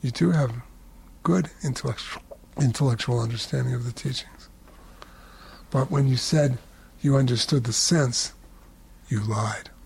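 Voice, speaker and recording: A man voicing a wise, stern old hag in a told story, questioning and scolding in a gravelly voice. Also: medium pitch, unhurried, long pauses, full character voice.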